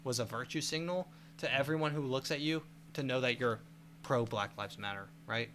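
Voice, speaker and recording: Tipsy man rambling, bright voice. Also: medium pitch, moderate pace, a little hiss or hum. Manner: rambling, stumbling restarts. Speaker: podcast host. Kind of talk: casual chat.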